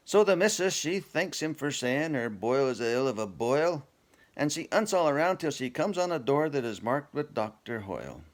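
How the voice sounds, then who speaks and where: A man's voice: mid-range voice, big pitch swings, moderate pace. A man reciting a comic poem from memory, telling it in broad northern dialect.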